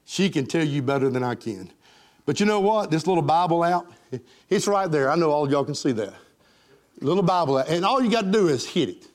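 A middle-aged man preaching a sermon, fervent, rising to loud highs and falling to soft lows. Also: lively intonation, fairly quick. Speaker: pastor.

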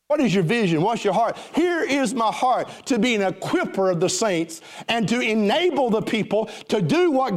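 A male pastor preaching an animated sermon in a church and leading the congregation in call-and-response singing. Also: sits high. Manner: animated, leads the crowd in call-and-response song. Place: church sanctuary.

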